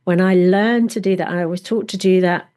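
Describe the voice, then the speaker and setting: A woman's voice: lowish voice, steady tone, moderate pace, a little mellow. A middle-aged woman coach, a podcast guest, telling stories with enthusiasm and acting out little inner voices. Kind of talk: conversational interview.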